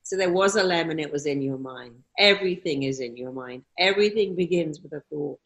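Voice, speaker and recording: A woman's voice: low voice, a little fast, a bit bright. A woman answering interview questions in an emphatic way, often acting out quoted self-talk. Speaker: guest speaker on mindset.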